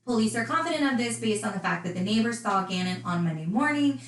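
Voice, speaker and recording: A woman's voice: on the high side, expressive, fast talker, roomy sound, rough recording. A woman casually recounting a true crime case, chatty and indignant in her asides.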